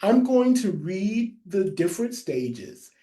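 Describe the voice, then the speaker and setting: A public health trainer with a lisp giving a webinar presentation, stressing and repeating key phrases for note-takers. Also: male voice, high-pitched, big pitch swings, slow pace, warm tone.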